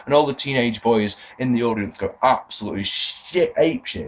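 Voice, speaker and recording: A man's voice: medium pitch, normal speed, a little hiss or hum, rough recording. A man hosting a casual review podcast, talking in a sarcastic, exasperated and sweary way. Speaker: wrestling review podcast host.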